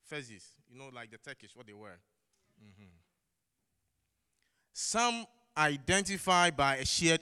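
The sermon comes from a man whose voice is on the high side, pushed and bright, with a clear, resonant tone and a non-native English accent. Emphatically, he repeats key phrases and puts rhetorical questions to the congregation. A large church hall gives the recording a long echo.

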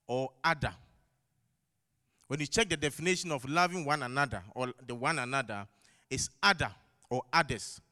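A bright, forceful mid-range voice at normal speed, broken by frequent pauses, comes from a man with a non-native English accent. He preaches emphatically in a church hall, repeating key phrases and posing rhetorical questions to the congregation. The recording carries the long echo of a big hall.

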